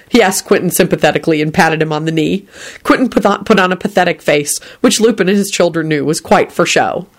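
A woman's voice: low voice, a little fast. A woman reading a story aloud, telling it expressively. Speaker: reader.

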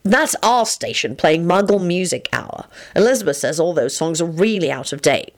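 Lupin is a sheepish, lovesick young man who rambles earnestly in a quiet, lowered voice, as a woman reads him. The tone stays soft and mumbling in a storybook reading. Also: expressive, normal speed.

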